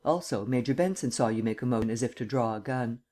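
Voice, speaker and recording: Male narrator doing a formal, cold-voiced DA interrogating, mid pitch. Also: fast talker, a little mellow, close to an everyday voice. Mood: cold, probing. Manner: level, cold questioning. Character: stern district attorney, cold and formal.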